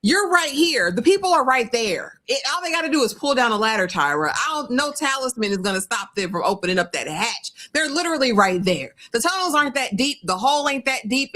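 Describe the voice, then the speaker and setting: A woman's voice: mid-range voice, bright, forceful tone. A woman co-hosting a live show recap in casual chat. She talks in a reasoned, matter-of-fact way. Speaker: podcast co-host.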